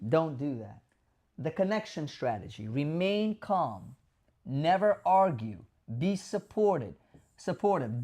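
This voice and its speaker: This doctor-host of a caregiver advice program addresses the camera emphatically, at times performing sample dialogue, in a fairly high voice with a darkish tone.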